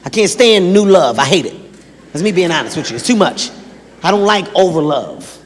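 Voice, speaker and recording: A man's voice: high-pitched, animated, normal speed. A man doing stand-up comedy, brash and profane, acting out scenes. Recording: reverberant venue with crowd.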